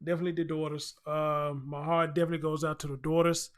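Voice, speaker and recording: A man's voice: fairly high pitch, level tone, fast talker. A man hosting his own show, reading a crime story aloud and reacting in loose, emphatic, swearing casual talk.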